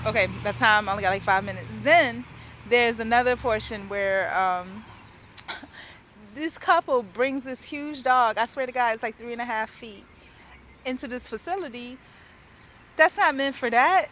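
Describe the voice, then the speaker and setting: A woman's voice: fairly high pitch, measured pace, fairly bright tone, slight background noise, rough recording. A woman, ranting in a chatty, rambling way about her day and acting out what other people said in her own voice. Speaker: vlogger. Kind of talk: casual rambling rant.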